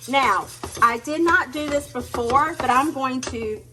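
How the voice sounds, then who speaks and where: Her voice sits high and she takes her time, talking straight to viewers in a chatty, self-deprecating manner. She's a cooking channel host filming a casual vlog in her own kitchen, with the clatter of pots, pans and whisking audible behind her.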